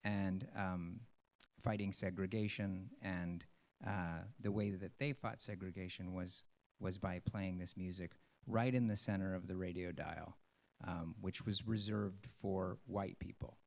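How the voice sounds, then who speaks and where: Earnest, low-voiced actor talking. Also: male voice, steady tone, a little slow, a little mellow. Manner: rambling and earnest, many ums. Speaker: stage actor speaking to an audience. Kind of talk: personal talk.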